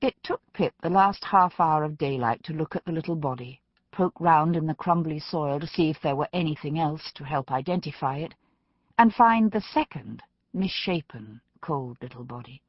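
Low husky woman narrating an audiobook. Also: moderate pace, dry recording, highs cut off. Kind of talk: scripted narration.

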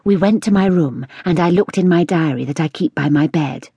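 A woman narrating a children's storybook in a lively, expressive reading. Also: lowish voice, normal speed, breathy edge, no echo. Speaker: audiobook narrator.

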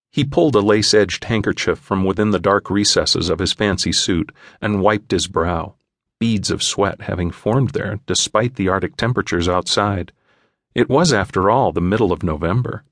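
A man with a fairly low voice narrates a children's novel. His reading is folksy and playful. The recording is dry and close, with no room sound. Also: moderate pace, no echo. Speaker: audiobook narrator.

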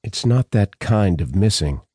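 A wealthy old professor, formal and blunt, speaking in clipped, higher sentences, as a male audiobook narrator puts him on. The narrator's voice is still deep at its base, and the recording is close and dry. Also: expressive, measured pace, dark tone, no room sound.

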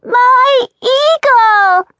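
A woman voicing a loud, stubborn two-year-old girl who bellows at her mother, in an audiobook. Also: extremely high pitch, very slow, no room sound, voice pushed up, full character voice. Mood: bellowing. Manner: bellowing, shouting.

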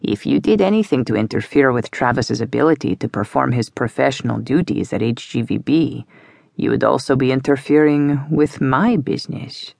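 A woman narrator voicing a genial but menacing male crime boss with a Russian-British accent, speaking smoothly and unhurriedly. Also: medium pitch, animated, no room sound. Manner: smooth, unhurried, softly purring. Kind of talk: audiobook character voice.

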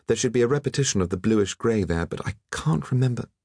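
Agatha Troy, a curt gruff painter, voiced by a man. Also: mid-range voice, expressive, quick pace, darkish tone, dry recording, studio quality, voice pushed up. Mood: brisk. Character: brusque, prickly young woman painter.

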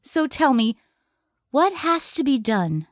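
A woman's voice: high voice, big pitch swings, takes it slowly, no echo, studio quality, exaggerated voice. A woman voicing a blunt, bitter woman near sixty. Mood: sympathetic. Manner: blunt and resentful. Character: bitter, sharp-tongued woman of about sixty. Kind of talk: audiobook character reading.

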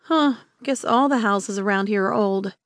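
Woman narrator doing a mischievous young witch, flustered and whiny, highish voice, dry close audiobook sound. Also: lively intonation, normal speed, no room sound, lightly acted. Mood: frustrated. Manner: exasperated, whiny exclamations.

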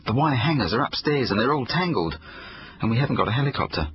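A man voicing an anxious, excitable young boy, pleading urgently. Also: mid-range voice, quick pace, highs cut off, a little hiss or hum, natural voice. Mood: alarmed.

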